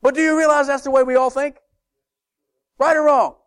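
A male preacher delivering a sermon in a church, animated, firing rhetorical questions and swinging between soft asides and loud emphasis. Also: very high voice, moderate pace.

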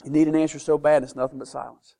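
A man preaching a sermon to a congregation, shifting between loud, animated bursts and hushed, quiet passages. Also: on the high side, fast, gravelly. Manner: animated, swings from loud to hushed, acts out doubters' voices.

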